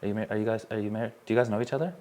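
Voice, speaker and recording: Deep-voiced man leading a workshop. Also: steady tone, rapid-fire, warm tone. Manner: candid, earnest personal storytelling; asks the room questions. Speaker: workshop speaker. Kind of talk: live workshop talk to an audience. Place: room with a small live audience.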